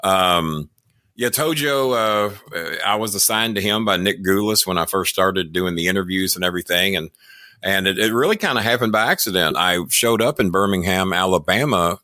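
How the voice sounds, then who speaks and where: Profane storytelling man, lowish bright voice. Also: dry recording, studio quality. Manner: rambling, profane, laughs through his stories. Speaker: podcast guest, wrestling manager. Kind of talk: casual storytelling interview.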